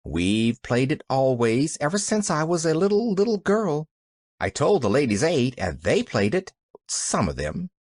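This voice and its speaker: Reader as an eager young girl, high, lively, bright-hearted. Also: measured pace, no room sound, clean studio sound. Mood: earnest. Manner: eager, chattering. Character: cheerful, earnest little girl.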